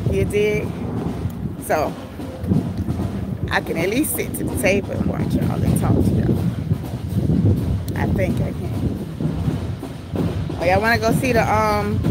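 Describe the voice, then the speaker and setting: A woman live-streaming a vlog on her phone while walking around a busy outdoor tailgate, chatting playfully with viewers and greeting them by name. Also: mid-range voice. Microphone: phone held while walking. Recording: phone recording with outdoor background noise.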